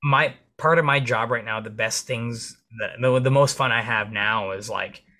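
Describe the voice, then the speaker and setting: Bright-voiced, lively man telling stories. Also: moderate pace. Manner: energetic storyteller who swears freely; acts out dialogue in comic high voices. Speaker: police officer and podcast guest. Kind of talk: casual interview chat.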